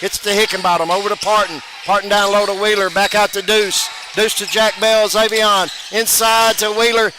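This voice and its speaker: A man with a high, light voice calls basketball play-by-play in a brisk rhythm, jumping up loud on big plays. Loud gym noise and bouncing balls sit under his voice throughout. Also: flat delivery. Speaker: play-by-play announcer. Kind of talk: play-by-play commentary.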